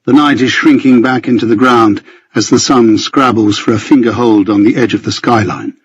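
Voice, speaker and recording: A man with a husky voice narrating a first-person novel in a measured storytelling manner. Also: mid-range voice, no echo, highs cut off. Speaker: audiobook narrator.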